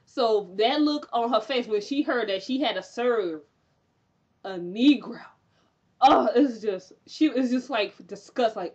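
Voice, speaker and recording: A woman's voice: a little high, a little slow, lo-fi sound. Chatty woman recapping a TV episode. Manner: chatty, animated, lots of fillers, laughs while retelling. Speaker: TV recap reviewer.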